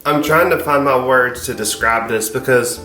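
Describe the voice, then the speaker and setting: A man taste-testing food with the host in a home kitchen, relaxed and teasing as he searches for words. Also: medium pitch, normal speed. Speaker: host's taste-testing partner. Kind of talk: casual chat. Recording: roomy kitchen echo, faint music.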